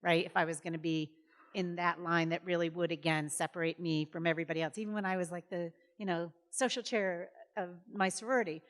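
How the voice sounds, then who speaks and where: A woman in her fifties, a former governor, telling stories in a chatty, animated way on stage, full of fillers and acted-out quotes. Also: fairly low pitch, a little fast. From Massachusetts. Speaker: guest speaker, former governor. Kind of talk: conversational storytelling on stage. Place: college event hall. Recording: reverberant hall.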